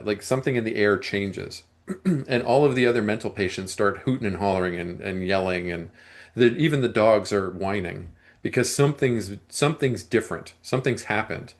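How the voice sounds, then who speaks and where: A man co-hosting a movie review podcast, talking casually and at length, often clearing his throat and restarting his sentences. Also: fairly low pitch, moderate pace.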